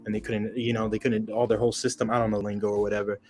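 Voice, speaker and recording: A man's voice: lowish voice, flat delivery, very fast, a little mellow, faint music behind. A man who is a guest on a podcast panel, explaining things in a plain, matter-of-fact way. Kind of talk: casual panel chat.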